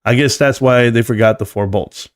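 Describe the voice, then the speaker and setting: A man's voice: mid-range voice, normal speed. A man in his forties hosting a casual live stream, reading viewer comments aloud in a loose, joking, slangy way. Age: 40s. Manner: loose and joking, slangy, often says "bro".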